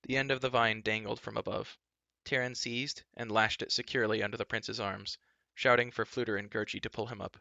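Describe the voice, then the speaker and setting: A man reading a fantasy storybook aloud in steady, dramatic narration, on a dull lo-fi recording. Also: on the low side, brisk, vocal fry, no echo. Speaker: reader.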